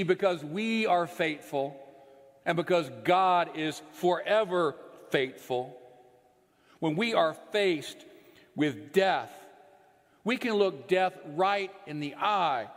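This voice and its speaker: A man preaches in a slow, unhurried sermon, his voice sitting a little high for a man. He speaks earnestly and lets phrase endings fall away into a low, soft hush. A long reverb from a large church sanctuary trails after every line.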